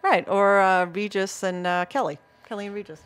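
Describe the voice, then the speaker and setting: A woman's voice: mid-range voice, steady tone, moderate pace. A woman with a Boston accent, co-hosting a local talk show in a chatty, enthusiastic way, telling stories and laughing easily. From Massachusetts. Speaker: co-host. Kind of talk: casual chat.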